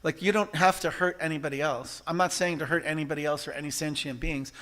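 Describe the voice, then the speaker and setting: Bright-voiced animated male sermon leader. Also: fairly high pitch, fast. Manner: conversational, animated, bursts into loud shouts. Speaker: practitioner leading a service. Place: church sanctuary.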